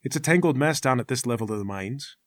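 A man voicing a gruff, reclusive hermit who lives down in an old mine, speaking low and grave. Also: animated, fast, no echo, clean studio sound, close to an everyday voice. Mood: grim, firm.

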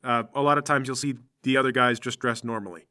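A man voicing a friendly, down-to-earth male superhero who leads a small team, speaking in a relaxed, reassuring and chatty way. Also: mid-range voice, quick pace, natural voice. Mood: explaining.

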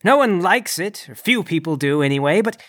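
A man's voice: sits high, animated, fairly quick, a bit bright. A man playing a tabletop game, talking in a wry, rambling way. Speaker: player.

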